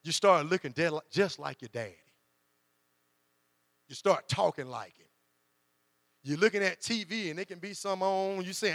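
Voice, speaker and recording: A man's voice: high-pitched, moderate pace, vocal fry, long pauses, a bit bright. A man preaching a sermon, acting out quoted voices as he goes. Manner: conversational preaching with dramatized quotes. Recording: long hall reverb with mains hum.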